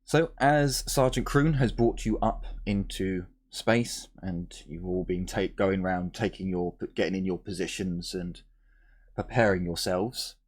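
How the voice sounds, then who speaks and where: A man's voice: low voice, measured pace. A man game master explaining rules and narrating a tabletop game in a chatty, joking way.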